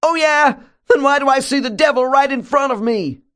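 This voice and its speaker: A shrill, panicked fire-and-brimstone preacher. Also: male voice, normal speed, a bit bright. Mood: terrified. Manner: panicked, crying out. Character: terrified old-time male preacher, fiery and shrill.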